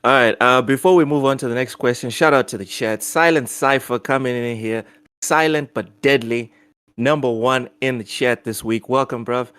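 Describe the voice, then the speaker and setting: A man's voice: medium pitch, fairly even intonation, moderate pace, fairly bright tone, clear, resonant tone, no room sound. Man hosting with mock-grand flair. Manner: theatrical, mock-grand intro delivery. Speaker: podcast host. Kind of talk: casual gaming podcast chat.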